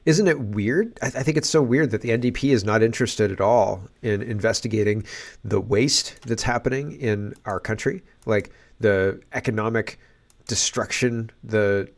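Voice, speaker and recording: A man's voice: lowish voice, moderate pace. A man hosting a casual political commentary show, exclaiming and rambling in disbelief.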